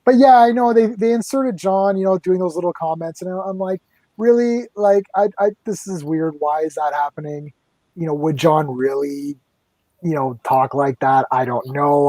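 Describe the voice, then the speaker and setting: A man from Canada, a guest in a casual fan interview, who tells his stories in a chatty, lively way. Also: high-pitched, no room sound.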